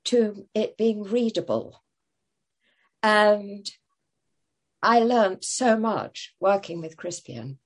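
An older woman telling stories as an interview guest, hesitant, with many fillers and restarts. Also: mid-range voice. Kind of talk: casual interview storytelling.

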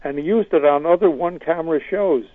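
A man's voice: a little high, quick pace, dry recording. Older man, wry storyteller, tinny phone line. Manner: hesitant restarts, wry. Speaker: guest, comedy writer. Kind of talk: interview answers, storytelling.

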